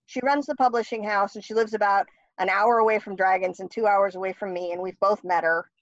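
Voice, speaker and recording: A woman's voice: medium pitch, fairly even intonation, a little fast, no echo. A woman guest author talking in a casual interview, blunt and wry. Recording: dry, dull lo-fi sound.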